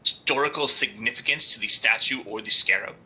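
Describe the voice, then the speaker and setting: A man playing a tabletop role-playing game, eager and quick to jump in. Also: medium pitch, bright, forceful tone, poor audio. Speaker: player. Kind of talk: casual tabletop play.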